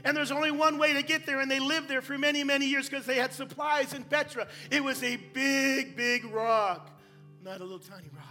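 A man preaching a sermon, swinging between quiet asides and shouted emphasis, with playful jokes and wordplay for the congregation. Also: extremely high pitch, fairly even intonation, a little fast, soft background music.

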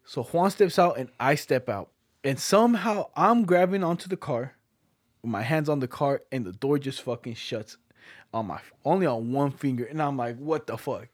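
A man's voice: mid-range voice, expressive, moderate pace, dry recording, clean studio sound. A young man telling a story in a loose, laid-back way, swearing often and laughing as he goes. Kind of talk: casual chat.

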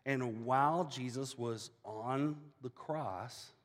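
A man preaching a sermon as a casual, animated storyteller. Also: mid-range voice, slow, big-room sound. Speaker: pastor.

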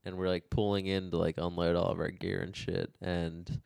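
A man's voice: deep voice, level tone, moderate pace, vocal fry, a little mellow, clear, resonant tone, no echo. A young man chatting casually, joking easily and telling a story about his workday. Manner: easygoing, joking, gestures while talking. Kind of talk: casual chat.

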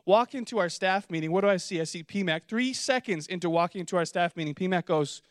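Lively young male pastor, high voice. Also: fast talker, few pauses, no room sound, clean studio sound. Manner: animated, playful, jumps into high excited voices for quotes. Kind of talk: sermon with comic storytelling. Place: church auditorium with congregation.

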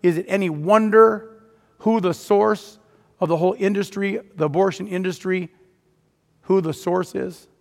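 A man's voice: sits high, fairly even intonation, moderate pace, vocal fry. A man preaching a sermon, retelling a story dramatically and rising to emphatic peaks. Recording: long hall reverb.

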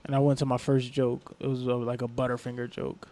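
Here the same kind of young comic, medium-pitched and talking a little fast, relates a story in relaxed podcast conversation. He brings the quoted characters to life as he goes.

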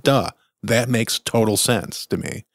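A man's voice: medium pitch, measured pace, no room sound, clean studio sound. A man hosting a podcast, giving a casual, chatty and enthusiastic film review full of opinions. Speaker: podcast host.

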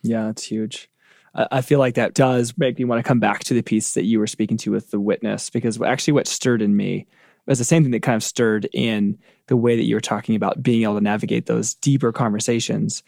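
Male podcast co-host, reflective and searching, slight fry, dry close mic. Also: lowish voice, steady tone, fairly quick, darkish tone, no room sound. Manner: thoughtful, searching, frequent "like" fillers.

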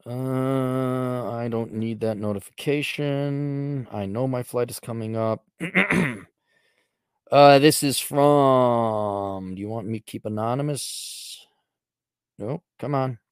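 A middle-aged man hosts his own podcast with a voice of ordinary pitch. He reads articles out loud and cuts in with sardonic, mocking quips. The recording is dry and close, with no room echo. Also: slow pace, pauses often, clear, resonant tone. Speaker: podcast host. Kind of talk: sarcastic commentary on read-out articles.

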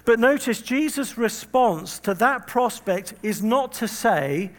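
Preacher, male, high voice, chatty sermon delivery with comic asides. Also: expressive, slow, few pauses, a bit bright, in a large hall. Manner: humorous storytelling with self-deprecating asides; conversational, acts out quoted voices.

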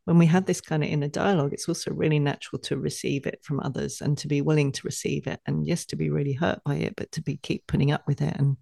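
A woman speaking as a guest in a casual podcast conversation, animated and quick to laugh as she acts out her own inner voices. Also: low-pitched, creaky, no room sound, studio quality.

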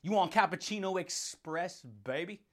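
A high-pitched man hosts a motivational podcast. He talks in a hyped, playful way and breaks into laughter often, calling his listeners buddy and dude. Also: animated, normal speed. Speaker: podcast host.

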